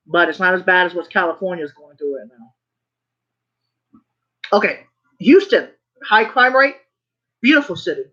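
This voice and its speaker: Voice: mid-range voice, bright, forceful tone. A vlogger talking in a casual rant, rambling, repeating phrases and swearing when worked up. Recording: slightly muffled recording.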